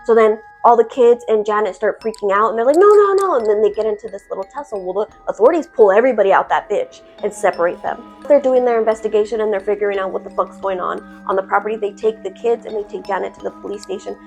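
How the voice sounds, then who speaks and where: A woman telling a horror story casually, animated and full of swearing and fillers. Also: medium pitch, quick pace, gravelly, hardly any pauses, faint music behind. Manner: profane, animated, filler-heavy.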